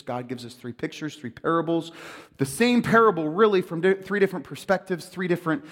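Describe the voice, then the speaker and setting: Male pastor, high lively voice, jokey sermon delivery, long church-hall reverb. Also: brisk. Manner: animated, joking, acts out quoted voices.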